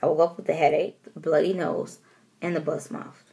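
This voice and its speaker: A woman from Detroit telling a story to her camera at home in a casual vlog, animated and expressive, laughing often and acting out what people said. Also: deep voice, normal speed, vocal fry. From Detroit, USA. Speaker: vlogger.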